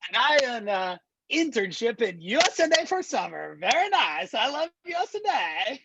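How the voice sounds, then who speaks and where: A man doing an impression of a cheerful foreign reporter with broken English and a thick put-on accent, speaking slowly with many halting pauses. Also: very high-pitched, sing-song, creaky, muffled recording, very noisy, voice pushed up, exaggerated voice. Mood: cheery, earnest. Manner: slow, halting, with many drawn-out "uh"s.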